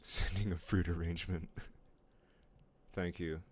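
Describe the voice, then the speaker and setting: Streaming his drawing live, a man trades playful, mock-offended banter with viewers in casual chat. His voice is low, slow, and flat in delivery.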